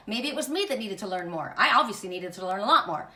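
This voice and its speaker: A woman's voice: mid-range voice, expressive, fast, bright, forceful tone, reverberant, distant mic. A woman giving an impassioned spiritual monologue as host, emphatic and blunt, swearing freely.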